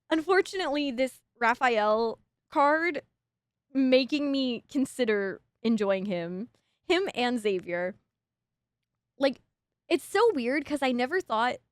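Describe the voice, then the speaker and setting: A woman's voice: high voice, no echo, studio quality. A young adult woman streaming a game as a VTuber, chatting in a giddy, rambling way, full of restarts and laughs. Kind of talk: excited casual game stream chat.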